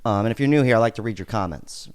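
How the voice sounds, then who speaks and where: Animated joking male podcast host. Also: on the low side, very fast, a crowd in the background. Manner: joking, laughs often, animated. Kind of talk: casual commentary reacting to clips.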